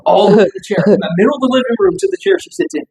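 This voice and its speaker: A man's voice: very high-pitched, sing-song, very fast, gravelly, background noise. A young man telling stories in casual chat, swearing and laughing as he goes. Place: small echoey room.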